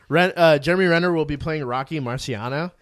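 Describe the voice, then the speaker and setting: A man's voice: a little high, normal speed, clean tone, dry recording, studio quality. A young man co-hosting a podcast, rambling through funny stories with lots of swearing and laughter. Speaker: podcast co-host. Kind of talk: casual chat.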